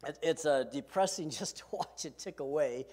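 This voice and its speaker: A man's voice: fairly high pitch, normal speed, darkish tone. Earnest male pastor preaching. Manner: earnest and emphatic, asks the congregation questions directly. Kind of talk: sermon. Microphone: podium microphone.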